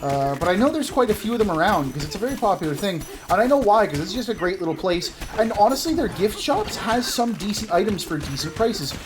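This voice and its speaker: A man's voice: high voice, very animated, brisk, few pauses, background noise. Chatty self-mocking man in his thirties. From Canada. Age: 30s. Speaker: gaming video host. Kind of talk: casual gameplay commentary with storytelling.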